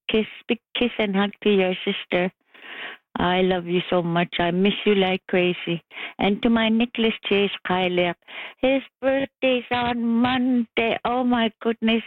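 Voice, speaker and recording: A woman's voice: mid-range voice, no echo. An older woman phoning in to a radio show, sending emotional, rambling greetings to her family. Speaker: caller. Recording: tinny phone line.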